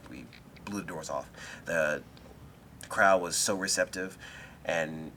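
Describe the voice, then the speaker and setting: A man with a deep, low voice and a bright, forceful edge tells an emotional story in a sit-down interview. He talks in quick, animated bursts and restarts. A faint hiss of noise sits behind him. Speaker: wrestler, interview guest.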